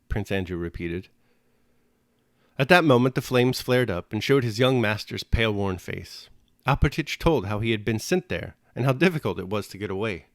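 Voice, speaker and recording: Deep-voiced man reading a novel aloud. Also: dry recording, studio quality. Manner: measured, expressive reading. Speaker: reader and commentator. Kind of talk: audiobook reading and reflection.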